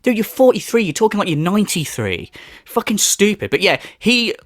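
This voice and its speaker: A man's voice: sits high, big pitch swings, brisk, fairly bright tone, no echo, clean studio sound. A man co-hosting a stream, mocking a clip with profane, sneering commentary. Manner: sneering, profane, mocks with exaggerated impressions. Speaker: stream co-host.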